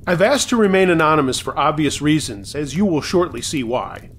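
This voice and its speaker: A man's voice: a little high, animated, a little fast, vocal fry, fairly bright tone, slight background noise. A man reading submitted true scary stories aloud in a conversational way, with wry asides.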